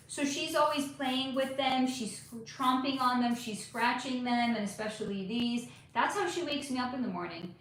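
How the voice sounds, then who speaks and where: A woman's voice: high voice, fairly bright tone. A woman hosting a spiritual reading live stream. She answers chat questions in a casual, rambling way with many fillers. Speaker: spiritual reader and channel host. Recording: very echoey room.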